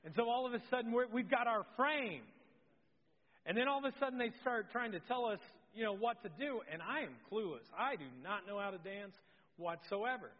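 A middle-aged male pastor preaching a sermon, telling a story in a lively, self-deprecating way. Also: very high voice, fairly quick. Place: church sanctuary. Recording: dull sound with long hall reverb.

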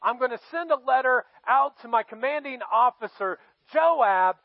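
A man voicing a scheming king who sounds smooth and falsely friendly, talking in casual modern slang. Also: very high-pitched, lively intonation, normal speed, no echo, pitched above the performer's own voice. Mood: panicky. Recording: dull, dry sound.

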